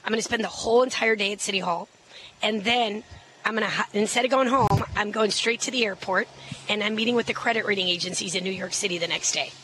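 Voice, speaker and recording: A middle-aged woman running for office, answering interview questions confidently and quickly, with many fillers and restarts. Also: medium pitch, fairly bright tone, slight background noise, low-quality recording. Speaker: mayoral candidate.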